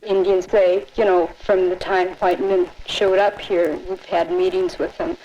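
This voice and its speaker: Calm woman, dull lo-fi sound. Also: lowish voice, a little slow, a little hiss or hum. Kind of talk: documentary interview. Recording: dull lo-fi 1960s film sound.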